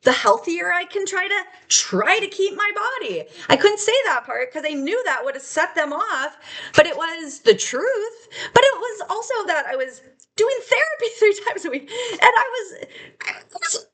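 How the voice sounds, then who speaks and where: Brief: woman vlogger, raw confessional testimony, high voice that swings a lot, emotional and blunt. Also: very animated, normal speed, a bit bright. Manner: emotional, candid, rambling, with frequent laughs and swearing. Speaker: vlogger sharing her life story. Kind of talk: raw unscripted personal testimony.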